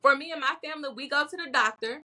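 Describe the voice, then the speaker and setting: A woman's voice: high voice, fast talker, bright, forceful tone. A woman speaking as a herbalist guest in a casual podcast chat, bold and emphatic, often repeating words to drive a point home.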